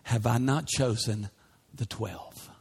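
Man putting on a deep grave solemn teacher voice, calm and slow. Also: breathy edge, exaggerated voice. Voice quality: low and grave.

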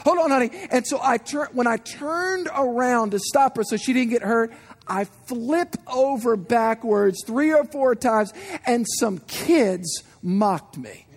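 Very high-voiced preacher man in his forties. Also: takes it slowly. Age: 40s. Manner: animated storytelling, asks the congregation questions. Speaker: guest preacher. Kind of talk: sermon with personal stories.

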